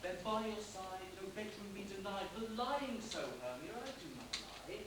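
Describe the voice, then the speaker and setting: An ardent, courtly young lover, played by a young man on a school stage, declaiming his verse earnestly. His voice sits fairly high. It carries from a distance through a strongly echoing hall over steady tape hiss. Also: moderate pace. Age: young adult. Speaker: amateur stage actor. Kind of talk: live school stage play.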